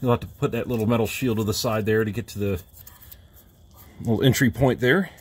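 A man with a husky, slightly rough voice talks through a repair step by step. He sounds plainspoken and matter-of-fact, dropping in fillers and dry little asides as he works. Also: fairly low pitch, steady tone, a little fast. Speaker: DIY car repair vlogger. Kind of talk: casual step-by-step repair instructions. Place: home driveway, working under a car.

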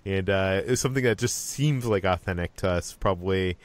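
Low-voiced man hosting a casual podcast. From Boston. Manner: halting, many fillers and restarts. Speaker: podcast host.

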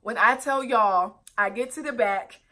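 A woman's voice: on the high side, a little slow, sharp tone. A young woman vlogger telling a personal story earnestly, with direct asides to her viewers. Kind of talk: storytime vlog, recounting a personal ordeal.

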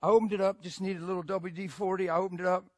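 A man's voice: high voice, very fast, dry recording. Emphatic male preacher, dry sound. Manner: animated, emphatic, swings from loud to hushed. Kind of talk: sermon storytelling.

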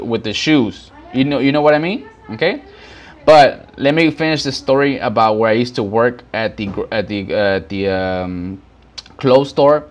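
A man at an average pitch talks viewers through business examples in a casual, unscripted way. He rambles, restarts his sentences and fills gaps with uh and you know. He keeps calling his audience guys. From Houston, Texas. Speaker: business vlogger. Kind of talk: casual teaching monologue. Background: background noise.

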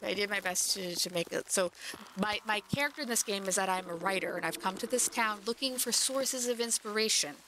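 A woman's voice: medium pitch, a little fast, background noise. A woman streamer chats through a cozy game in a loose, rambling way. Her talk is full of fillers and casual asides. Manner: chatty, rambling, many fillers.

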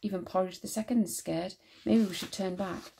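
A woman voicing a timid, nervous young boy in a storybook reading, speaking softly and fretfully. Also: medium pitch, steady tone, normal speed, vocal fry, slight background noise, close to an everyday voice.

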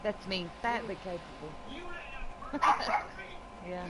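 A woman chatting casually with short, quiet replies. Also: medium pitch, takes it slowly, noisy background. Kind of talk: casual chat.

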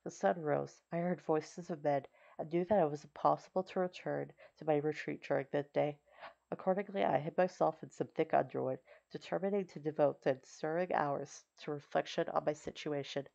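A woman narrating an audiobook in a steady, measured reading. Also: sits low, vocal fry. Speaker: audiobook reader. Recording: slightly dull recording.

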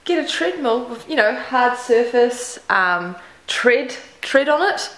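A woman's voice: a little high, animated, slow pace, a bit bright, rough recording. A woman chatting casually in a family vlog, playful, cooing at her pets. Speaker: vlogger. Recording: home camera with clear background noise.

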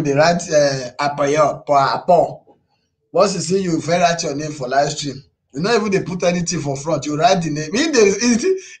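A man with a Nigerian Pidgin English accent hosting a casual live stream, teasing viewers and reading out their comments. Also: high voice. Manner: animated, teasing, reads viewer comments aloud. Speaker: YouTube live stream host.

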